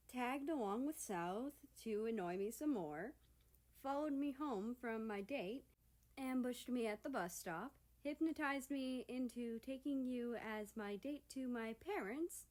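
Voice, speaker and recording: A man's voice: extremely high pitch, pitched above the performer's own voice. A woman voicing a brash, teasing young man, a personified country, who is cocky but flusters easily.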